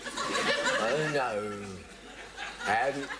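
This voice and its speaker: A man's voice: huge pitch swings, extremely slow, a loud crowd, heavy background noise. Flamboyant Englishman telling stage anecdotes. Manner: flamboyant, swoops between high and low registers for comic effect. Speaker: comic raconteur. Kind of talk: theatrical anecdote to a live audience.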